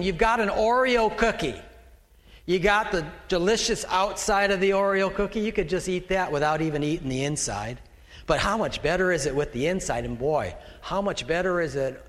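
Folksy middle-aged pastor preaching in a reverberant church. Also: male voice, high voice, normal speed, fairly bright tone. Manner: conversational, folksy preaching with asides to a slide operator. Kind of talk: sermon. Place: church sanctuary, speaking from a raised pulpit.

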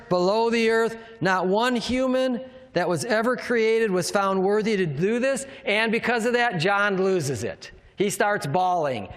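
A man's voice: sits high, a bit bright, in a large hall. A man preaching a sermon, emphatic and asking his congregation questions as he explains scripture. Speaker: pastor.

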